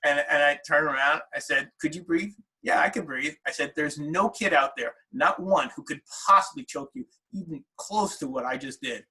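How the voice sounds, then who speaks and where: A man's voice: fairly high pitch, moderate pace, few pauses, pushed and bright, slightly rough, rough recording. A middle-aged man, a wrestler's father, telling stories in a casual interview, with many fillers and restarts.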